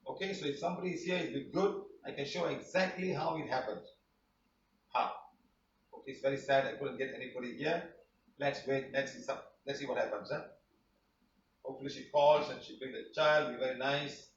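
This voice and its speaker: A man's voice: medium pitch, fairly quick, slight background noise. Rambling man teaching from afar. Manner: rambling, repetitive, emphatic. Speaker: healing teacher. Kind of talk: online class presentation. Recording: roomy, distant, dull sound.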